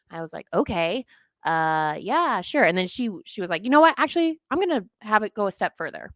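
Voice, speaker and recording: A young woman hosting a casual podcast, telling a personal story with lots of animation. Her voice is bright and forward, and her pitch leaps around as she acts out the people she quotes. The sound is close and dry, with almost no room around it. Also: no echo. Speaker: podcast host.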